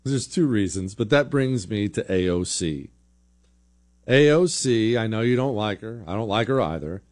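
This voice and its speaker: Blunt, animated male political host. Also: fairly low pitch, moderate pace. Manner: blunt, sarcastic, conversational. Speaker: political talk show host. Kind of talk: opinionated political commentary.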